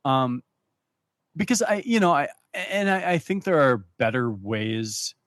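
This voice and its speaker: A man talking as a poker coach in casual podcast chat, with a mid-pitched voice. He stumbles and repeats words while thinking aloud. The recording is dry and close. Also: expressive, unhurried, a bit bright, no room sound.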